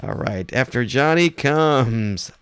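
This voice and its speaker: A man's voice: medium pitch, animated, slow pace, a bit bright, clear, resonant tone. A man co-hosting a casual podcast, joking with his partner and reading listener contest entries aloud. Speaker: podcast co-host.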